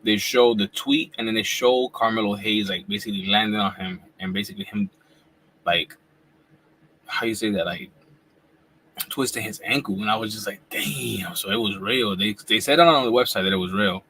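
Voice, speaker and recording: A man in his forties hosting a casual live wrestling reaction chat at home, talking in relaxed slang while he eats. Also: lowish voice, moderate pace, slightly rough, rough recording. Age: 40s. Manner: laid-back slangy talk, eating while talking. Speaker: wrestling YouTuber host.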